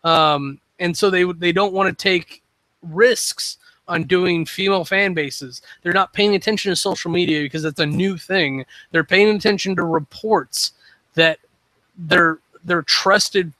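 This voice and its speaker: A man's voice: high-pitched, unhurried, bright, forceful tone, no echo, poor audio. A man hosting a casual solo podcast, rambling through his opinions on shows with many ums and restarts. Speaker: web show host.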